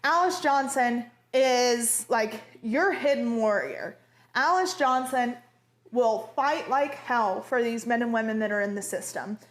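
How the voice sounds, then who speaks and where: A woman telling her own news in an excited, gushing, breathless way. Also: a little high, measured pace. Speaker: daughter speaking out. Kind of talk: emotional personal address.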